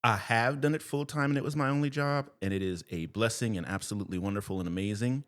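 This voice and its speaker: A man with a very low, deep voice tells stories on a podcast in an easygoing, animated way. He laughs often as he talks about his life as a performer. He sounds like a young adult guest in casual chat. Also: fast talker.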